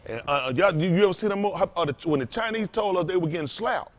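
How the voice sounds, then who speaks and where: Preaching man, emphatic and loud. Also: high voice, lively intonation, fast talker. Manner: loose, emphatic, rising to loud bursts. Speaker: pastor. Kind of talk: preaching to a congregation.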